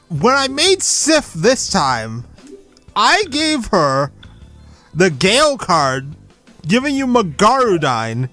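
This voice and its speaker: Animated male let's-play commentator. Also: high-pitched. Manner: chatty, animated, swears when annoyed. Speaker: gamer. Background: game music.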